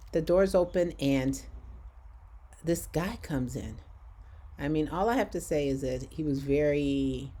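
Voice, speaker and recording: Low mellow woman telling a story. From Michigan. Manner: animated, acts out both sides of a conversation. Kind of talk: personal storytelling vlog.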